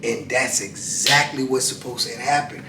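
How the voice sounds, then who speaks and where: A middle-aged man telling prison stories in a casual, colloquial way, often saying "man" and swinging between loud and hushed. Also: fairly even intonation, normal speed. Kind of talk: casual storytelling. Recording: echoey room, mic at a distance, faint rumble.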